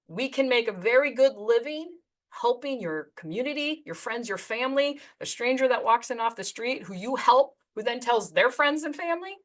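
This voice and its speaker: A woman with a fairly high voice coaches insurance agents in a lively, animated way. She tells stories about her clients and acts out both sides of each conversation as she goes. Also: moderate pace. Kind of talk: storytelling to agents.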